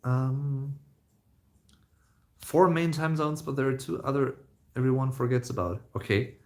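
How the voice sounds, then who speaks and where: Young male streamer, rambling casual Q&A chat, mid-pitched, full of ums. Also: steady tone, unhurried, darkish tone. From Germany. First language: German. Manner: chatty, rambling, with many fillers and restarts. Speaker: live streamer.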